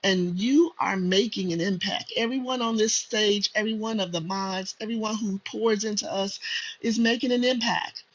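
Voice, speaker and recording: A man's voice: high voice, moderate pace, fairly bright tone, lo-fi sound. A man giving a rousing motivational pep talk to a chat room. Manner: rousing, preachy. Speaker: motivational speaker.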